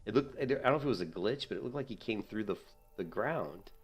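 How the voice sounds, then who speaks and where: A man chatting casually while gaming, telling animated stories and jumping up high when he quotes himself. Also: fast, breathy edge, soft background music. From United States. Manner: storytelling, jumps high when quoting himself. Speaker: gaming streamer.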